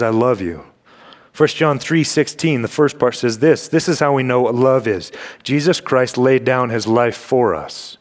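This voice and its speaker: A young man delivers a sermon in a church sanctuary, his voice sitting at an ordinary middle pitch. He presses his points with emphatic rhetorical questions and clears his throat from time to time. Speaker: campus ministry preacher.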